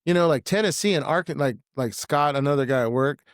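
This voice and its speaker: A man's voice: on the high side, a little fast, dry recording, clean studio sound. A young man talking as a podcast guest in a casual chat, blunt and rambling, swearing freely.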